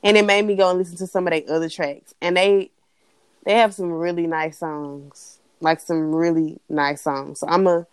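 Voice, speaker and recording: A young woman co-hosting a casual chat, blunt and animated, swearing freely as she rants. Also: deep voice, clear, resonant tone, no room sound. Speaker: podcast co-host.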